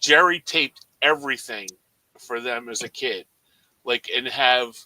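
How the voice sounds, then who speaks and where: A man's voice: mid-range voice, unhurried, bright, forceful tone, no echo, low-quality recording. An American man from Philadelphia chatting casually about TV shows, hesitant and full of fillers. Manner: hesitant, filler-heavy recommending.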